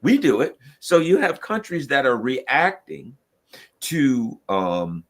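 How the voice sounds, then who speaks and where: Emphatic American political commentator. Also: male voice, medium pitch, very animated, slow. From United States. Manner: emphatic, argumentative, acts out quoted voices of nations. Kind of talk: opinionated commentary monologue.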